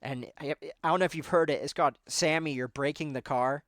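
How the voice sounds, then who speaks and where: A man's voice: on the high side, brisk, fairly bright tone, no echo, clean studio sound. A man in his thirties hosting a podcast in casual chat, rambling with lots of filler words. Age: 30s. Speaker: podcast host.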